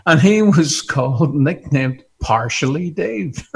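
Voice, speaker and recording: A man preaching a sermon, animated and often laughing, building to fervent repetition. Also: on the high side, slow pace, vocal fry, husky.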